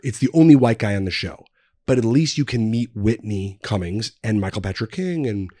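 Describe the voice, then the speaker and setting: A man with a low-pitched voice recounts a long story on a podcast, loose and rambling, with lots of "um" and "like". The sound is close and dry, with no room around it. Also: animated, a little fast, warm tone, no room sound. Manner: rambling anecdotes with many fillers. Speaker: guest. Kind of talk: casual storytelling chat. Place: podcast studio.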